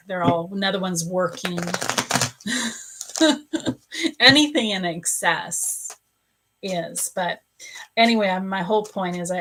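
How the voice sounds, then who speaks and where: Woman doing a live psychic reading from home, takes her time, lots of ums, soft and sympathetic. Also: fairly low pitch, slight background noise. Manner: slow, halting, with many pauses and fillers; gently sympathetic. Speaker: spiritual coach and psychic medium. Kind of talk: live psychic reading answering viewers' questions.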